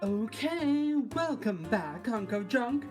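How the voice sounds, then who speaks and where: A woman's voice: fairly high pitch, big pitch swings, slow pace, music in the background. A woman voicing a stern, irritable woman in a fan-dubbed game, speaking curtly and with scorn. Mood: scornful. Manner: curt and scornful.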